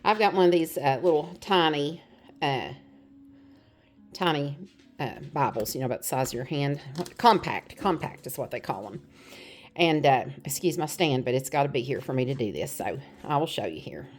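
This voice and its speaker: Low-voiced chatty woman showing her haul. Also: expressive, normal speed. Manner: chatty, rambling with fillers. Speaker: vlogger. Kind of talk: casual show-and-tell chat. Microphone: phone camera.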